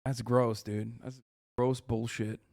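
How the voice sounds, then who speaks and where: A man's voice: medium pitch, little pitch movement, takes it slowly, vocal fry, a little mellow. A man in his thirties, a streamer reacting to clips with an exasperated, swearing rant. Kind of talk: casual reaction commentary.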